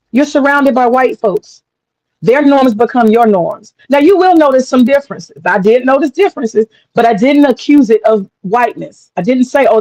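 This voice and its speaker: A woman's voice: sits high, darkish tone, no room sound, rough recording. A woman talking in a blunt, profane casual monologue as a commentator, acting out other people's voices as she goes.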